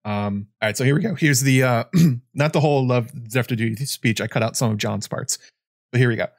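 A man's voice: medium pitch, a little fast, no echo, clean studio sound. Rambling male book streamer. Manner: rambling, many fillers and restarts. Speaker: livestream host. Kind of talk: casual livestream chat about books.

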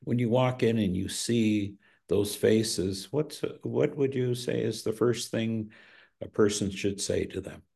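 Low, gravelly man asking questions. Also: dark tone. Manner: measured, deliberate questioning. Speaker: podcast host. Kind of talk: interview questions.

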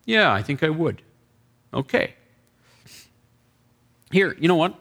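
A man who is a pastor telling a deliverance-prayer story in a sermon, acting out the dialogue with lively asides. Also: fairly high pitch, takes it slowly.

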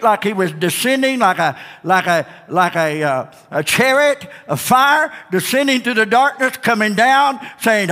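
Male pastor, high and unhurried, fervent repetitive delivery with sudden whoops; long church reverb. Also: lively intonation, bright, forceful tone. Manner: emphatic, repetitive preaching with whooping exclamations. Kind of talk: Sunday night sermon.

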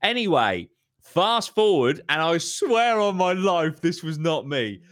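A man's voice: fairly high pitch, big pitch swings, a little slow, fairly bright tone, a little hiss or hum. A man, hosting a podcast and telling a story in casual chat, swearing heavily and ranting with animation. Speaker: podcast host.

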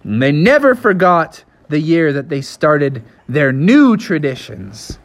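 An adult telling an improvised story to a child, animated and lively. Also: mid-range voice, takes it slowly. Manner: animated, lively, with many put-on voices.

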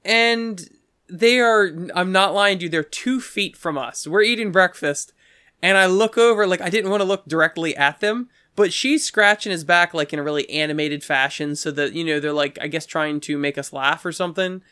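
A man's voice: brisk, pushed and bright, clear, resonant tone, no room sound, studio quality. A man telling a rambling story in casual chat, breaking into quoted voices now and then. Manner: rambling, acts out quoted voices with pitch jumps.

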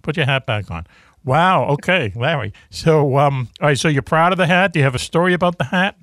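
A man's voice: a little high, expressive, a little fast, a bit bright, no room sound. A man hosting a casual chat, teasing his guest and laughing often. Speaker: host.

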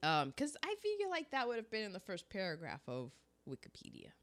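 A woman chatting on a podcast with a sore throat. Her pitch swings widely as she talks, jumping up high when she gets excited. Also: a little fast. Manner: animated, rising to high exclamations. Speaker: podcast co-host. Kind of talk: casual chat about old movies.

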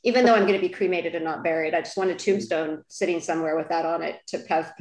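A woman chatting on a podcast in an animated, theatrical way. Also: lowish voice, quick pace. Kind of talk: casual group chat. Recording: roomy echo.

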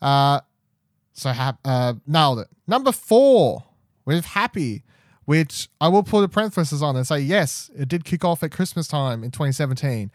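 A man's voice: on the high side, sing-song, moderate pace, no room sound, studio quality. Chatty man hosting a podcast. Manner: chatty, laughs often. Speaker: podcast host. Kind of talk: casual podcast chat.

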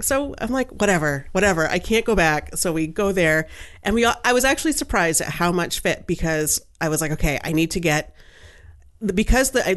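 Chatty woman with a lowish voice. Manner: animated, chatty, laughs often, many fillers. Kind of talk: casual chat, storytelling.

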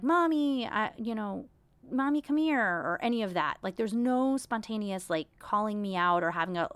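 A woman in her thirties chats through her own podcast in a candid, self-deprecating way. Her voice sits a little low. The sound is close and dry, with no room around it. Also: fairly bright tone, dry recording. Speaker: podcast host. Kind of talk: casual solo podcast chat.

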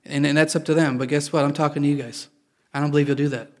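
A man's voice: on the high side, flat delivery, fast talker. A man preaching a sermon in a casual, confessional way, joking with his listeners. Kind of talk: conversational sermon.

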